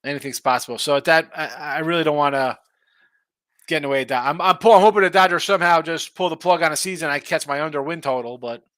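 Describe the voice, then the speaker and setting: A man's voice: on the high side, quick pace, a bit bright, dry recording. A man hosting a sports betting live stream, rambling and thinking aloud in casual chat. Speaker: sports betting show host.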